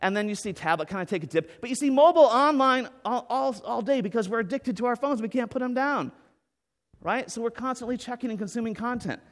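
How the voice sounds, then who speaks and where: On a conference stage, a fairly high-voiced man delivers a brisk, energetic keynote full of jokes. His enthusiasm spills into restarts, fillers, and a habit of asking "right?" The recording has the long, echoing tail of a large hall.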